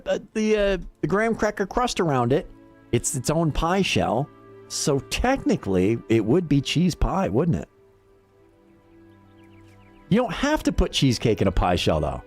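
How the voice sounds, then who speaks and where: A man's voice: fairly high pitch, wildly swooping pitch, unhurried, long pauses, darkish tone, soft background music. A middle-aged man chatting casually on a livestream, rambling and swearing, laughing often. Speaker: livestream gamer. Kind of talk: casual chat to stream chat.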